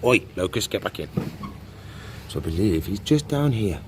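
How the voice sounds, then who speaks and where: A man, a reptile keeper chatting casually through animal checks and coaxing the animals in a soft voice. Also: fairly low pitch, sing-song, moderate pace, slight background noise. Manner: chatty, talks softly to the animals. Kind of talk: casual animal care vlog.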